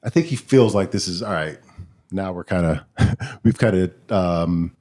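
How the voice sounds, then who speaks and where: Animated man telling a story. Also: low voice, measured pace. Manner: animated, vivid retelling. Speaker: guest. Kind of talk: casual storytelling.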